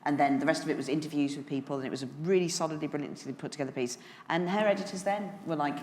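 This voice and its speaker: A woman's voice: low voice, very fast, few pauses, a little mellow, long reverb tail, slight background noise. A woman around fifty, a guest author on stage at a lunch event, chatting candidly and laughing often. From England, West Midlands. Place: large hotel function room.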